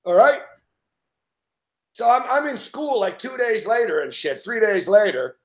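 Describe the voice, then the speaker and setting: A man's voice: high voice, a little slow, roomy sound. A man telling rowdy stories in a casual chat, swearing constantly and laughing as he goes. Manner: profane, animated storyteller who laughs often. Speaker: show host.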